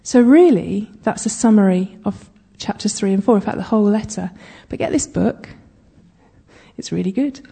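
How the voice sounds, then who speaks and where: A woman's voice: medium pitch, animated, normal speed, vocal fry, warm tone, husky. A woman giving conversational Bible teaching, chatty, with humorous asides and frequent check-ins with her listeners.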